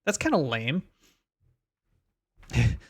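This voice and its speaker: Slow, bemused male game streamer. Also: medium pitch, sing-song, gravelly. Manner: bemused, rambling reactions with frequent laughs and self-questions. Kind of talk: live let's-play commentary.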